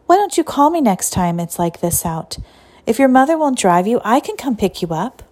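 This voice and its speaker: A woman's voice: a little high, big pitch swings, normal speed, darkish tone, voice pushed up. A woman doing a gushing elderly piano teacher. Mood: doting. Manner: fussing, doting, effusive.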